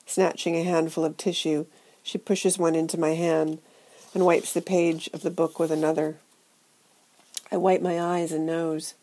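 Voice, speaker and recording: A woman narrating a novel in the first person, her voice low and mellow. She reads in a hushed, intimate, measured way. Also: little pitch movement, rough recording. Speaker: audiobook narrator.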